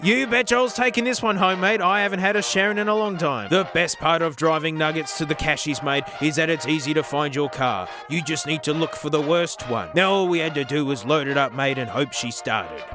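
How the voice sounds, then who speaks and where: A man with an Australian accent narrates his vlog with dry, sarcastic jokes and rambling asides. His voice sits fairly high, and soft music plays underneath. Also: brisk, few pauses. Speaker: YouTuber.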